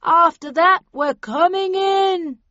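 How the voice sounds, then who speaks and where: A woman voicing a menacing hostage-taker calling through a bullhorn, loud, slow and deliberate. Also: extremely high pitch, no room sound, dull audio, pitched above the performer's own voice, heavily acted. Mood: threatening. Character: cornered man on a bullhorn, menacing.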